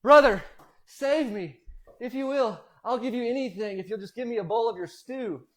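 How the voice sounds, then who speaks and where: A man voicing a gruff, starving young hunter, pleading loudly. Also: fairly high pitch, sing-song, quick pace. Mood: desperate.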